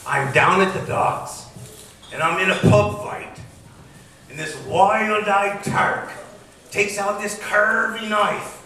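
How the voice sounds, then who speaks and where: A man voicing a gruff, boastful one-handed pirate with rough old-sailor talk, telling a joke on stage. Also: sits high, fairly even intonation, slow, bright, forceful tone, voice pushed up, heavily acted. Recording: echoey hall from far off.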